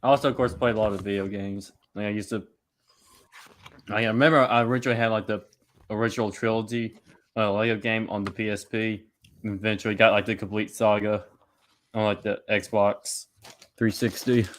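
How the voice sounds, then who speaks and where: A man joining a casual chat as a guest, laid-back and unhurried as he recalls things. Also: on the low side, fairly even intonation, a bit bright. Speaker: podcast guest.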